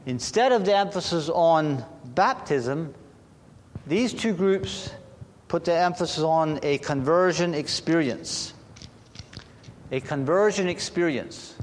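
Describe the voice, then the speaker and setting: A man preaching a sermon to a congregation, talking slowly and deliberately with halting restarts. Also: fairly high pitch, lively intonation. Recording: long hall reverb.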